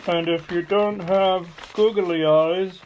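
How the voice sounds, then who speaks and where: A woman's voice: on the low side, fairly even intonation, takes it slowly, a little mellow, a little hiss or hum. A woman hosting a casual video, talking in a rambling, playful way with frequent ums and uhs. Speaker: online video host. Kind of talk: casual chat to camera.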